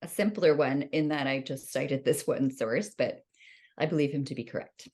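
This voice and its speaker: Female podcast co-host, low-pitched, chatty and giggly. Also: normal speed, a little mellow. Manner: giggly, laughs often between remarks. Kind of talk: casual podcast chat.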